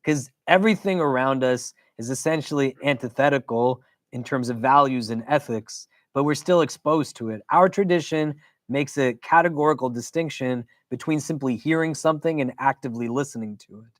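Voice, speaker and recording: Male imam lecturing a class in a chatty way, mid-pitched voice, dry close sound. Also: a little fast, dry recording. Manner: conversational, keeps checking in with the audience. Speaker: imam teaching a weekly class. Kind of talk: casual religious lecture. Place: lecture room.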